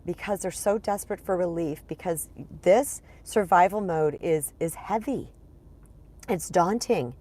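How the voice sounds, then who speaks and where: A woman's voice: on the low side, darkish tone. A woman life coach talking casually to a live audience, a little congested, often repeating words and calling them "you guys.". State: congested, clearing throat. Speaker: spiritual empowerment coach. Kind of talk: casual live-stream talk to viewers.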